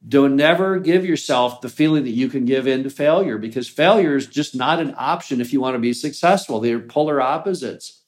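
A man's voice: mid-range voice, a little fast, hardly any pauses. Earnest man giving business advice. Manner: earnest, plainspoken, motivational. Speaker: host of a mobile home park business show. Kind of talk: motivational talk.

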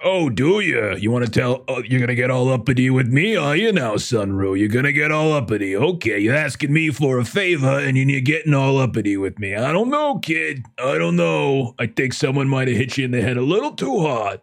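A man voicing a brash, sleazy male magazine editor who needles and mocks the caller in a gruff, bargaining way. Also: mid-range voice, very animated, fairly quick, few pauses. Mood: needling.

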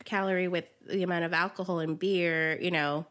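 A woman co-hosting a podcast in casual chat, friendly and playful, quick to agree. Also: on the low side, steady tone, fairly bright tone. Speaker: podcast co-host.

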